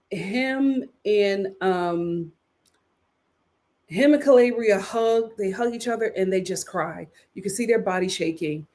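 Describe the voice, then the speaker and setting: A woman vlogger recapping a reality show in a casual, animated, slangy way, with ums and sudden bursts of laughter. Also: medium pitch. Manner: animated, chatty, swings between sighs and bursts of laughter; drawn-out slangy storytelling with filler ums. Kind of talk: casual commentary vlog.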